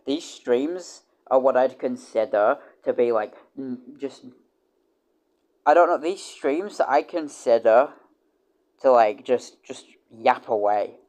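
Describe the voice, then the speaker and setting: Rambling, excitable male streamer. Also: medium pitch, takes it slowly. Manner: rambling, full of restarts and repeated words; blunt and swears freely. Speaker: livestreamer. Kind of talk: casual rambling chat.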